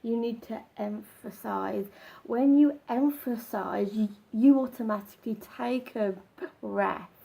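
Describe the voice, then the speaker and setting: A woman giving casual advice to camera, talking in halting, broken phrases with frequent restarts. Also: fairly high pitch, vocal fry, dark tone, slightly rough. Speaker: vlogger.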